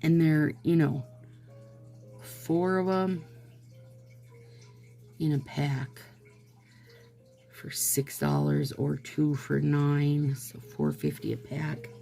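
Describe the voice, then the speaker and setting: Low, gravelly, unhurried woman. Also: steady tone, warm tone, faint music behind. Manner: chatty, exasperated asides, addresses viewers directly. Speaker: nail product vlogger. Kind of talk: casual product review chat.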